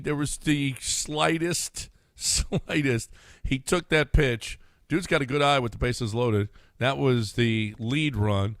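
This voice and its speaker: Radio host, male, relaxed chatter, dry studio sound. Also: medium pitch, no room sound. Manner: chatty, laughs easily, trails off and restarts. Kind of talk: casual sports talk. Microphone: studio mic.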